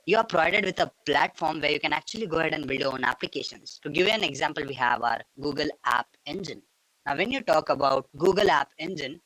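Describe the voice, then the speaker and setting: A man's voice: fairly high pitch, pushed and bright, no room sound, low-quality recording. A man teaching a tech lesson in a patient, explanatory way, often repeating stock phrases as he walks through each idea. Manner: patient, repeats filler phrases like "go ahead" and "and all those things". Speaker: instructor.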